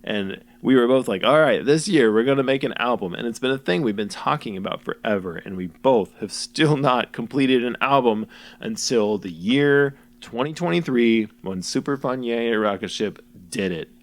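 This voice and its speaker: A man's voice: mid-range voice, expressive, moderate pace. A young man musician rambling goofily through his own album commentary, joking at himself with lots of fillers. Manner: goofy, self-mocking, many fillers.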